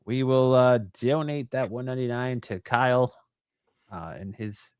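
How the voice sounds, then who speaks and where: A man's voice: mid-range voice, measured pace, a little mellow, clear, resonant tone, no room sound, studio quality. A man co-hosting a casual comics podcast, teasing his co-host between segments with filler-laden, hesitant banter.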